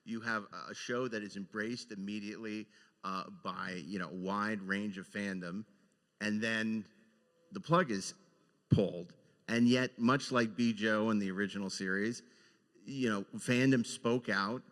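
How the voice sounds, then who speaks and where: A man hosting a live podcast panel, asking guests long, measured questions full of "you know". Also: on the low side, steady tone, a bit bright, big-room sound. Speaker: podcast host. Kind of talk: panel moderation.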